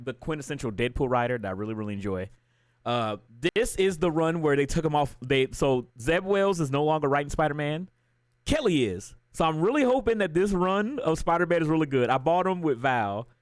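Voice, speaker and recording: Male streamer, casual profane rant, fairly high voice, dry close mic. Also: clear, resonant tone, no echo. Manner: profane, ranting, animated storytelling. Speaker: livestreamer. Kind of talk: casual chat.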